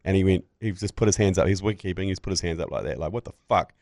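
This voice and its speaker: A man's voice: low-pitched, racing, mellow, no room sound, clean studio sound. Laughing, swearing New man. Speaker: podcast co-host. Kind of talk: casual chat, storytelling.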